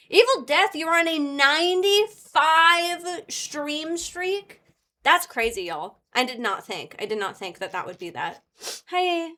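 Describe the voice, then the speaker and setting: Bubbly high-voiced woman streamer. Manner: bubbly, excitable, shouts viewer names, swears casually. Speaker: livestreamer. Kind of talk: casual live-stream chat. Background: faint background music.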